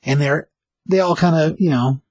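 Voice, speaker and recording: A man casually recapping a comic book page by page, rambling with lots of fillers and slipping into quick voices for the characters. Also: fairly high pitch, darkish tone, breathy edge, no room sound, low-quality recording.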